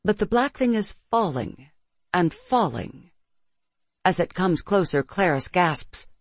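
A narrator reading a first-person science-fiction story in a steady, measured way. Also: mid-range voice, no echo.

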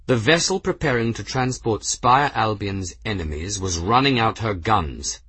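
A man narrating a novel in a steady, measured way. His voice is low and husky. The recording is dry and close, with no room sound. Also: no room sound. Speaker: audiobook narrator. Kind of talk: scripted narration.

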